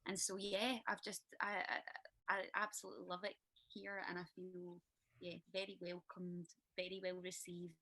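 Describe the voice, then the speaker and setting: A Scottish woman talks casually as a guest on a video panel, sounding grateful and easygoing. Her voice is bright and sharp. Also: on the low side, completely flat delivery, normal speed, no room sound, low-quality recording. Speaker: guest musician.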